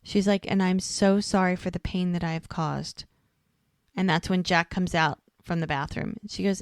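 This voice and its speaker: A woman's voice: fairly low pitch, steady tone, normal speed, smooth, dry recording, clean studio sound. A woman co-hosting a podcast, casually recapping a TV episode by quoting what each character says. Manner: retells scenes by quoting characters, lots of "she's like".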